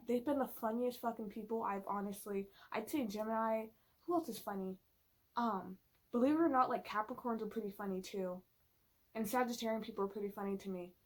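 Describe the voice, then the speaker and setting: Woman vlogger, slightly high-pitched, loose profane casual chat, playful and emphatic. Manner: profane, filler-heavy and chatty.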